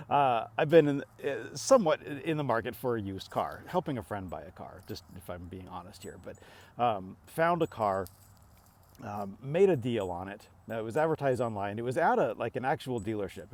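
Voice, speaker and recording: A middle-aged man talks straight to camera in a loose, rambling vlog style. His voice sits a little low, and he stumbles through restarts while acting out both sides of a back-and-forth with plain exasperation. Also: darkish tone. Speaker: vlogger. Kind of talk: casual talking-to-camera rant.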